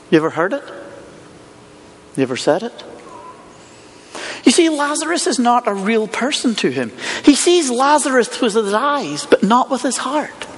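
Man, preacher, storytelling sermon, high voice, long church-hall echo. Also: big pitch swings, normal speed, pauses often, husky. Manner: storytelling, rhetorical questions. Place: church hall with congregation and online viewers.

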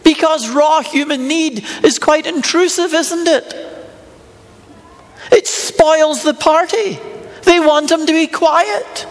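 A man's voice: very high voice, slow. A middle-aged man, preaching a sermon in a conversational, storytelling way and asking rhetorical questions with a touch of humour. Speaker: pastor. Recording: long hall reverb.

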